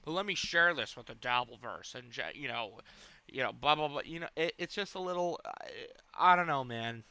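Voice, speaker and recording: A man's voice: mid-range voice, animated, moderate pace, creaky, pushed and bright, clean tone, no echo. A man hosting a live stream, reacting to a clip with rambling, profane commentary. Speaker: streamer host.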